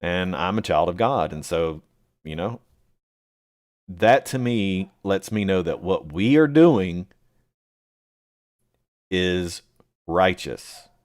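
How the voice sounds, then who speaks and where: A man hosting a live chat, answering viewers by name and rambling with many pauses and fillers. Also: low-pitched, animated, a little mellow. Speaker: livestream host reading chat.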